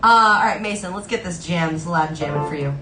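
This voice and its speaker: Between songs on her live stream, a fast-talking singer with a low-leaning voice chats playfully, laughing a lot while sharing stories. Guitar plays in the background of the roomy recording.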